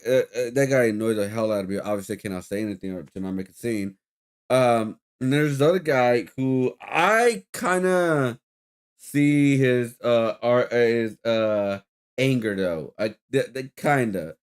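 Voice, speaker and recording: A man streaming, telling a rambling story in casual chat with lots of fillers and swearing. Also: medium pitch.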